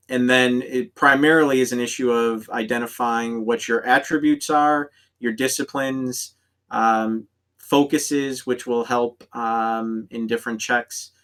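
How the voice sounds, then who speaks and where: A man's voice: medium pitch, fairly bright tone. Hesitant man running a game session. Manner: halting, many ums and restarts. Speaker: game master. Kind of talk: explaining rules in an online tabletop session.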